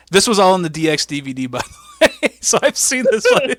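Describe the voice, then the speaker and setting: A man's voice: high-pitched, big pitch swings, a little fast, dry recording. A man hosting a casual podcast, recapping a wrestling show in a joking, rambling way. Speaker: podcast host.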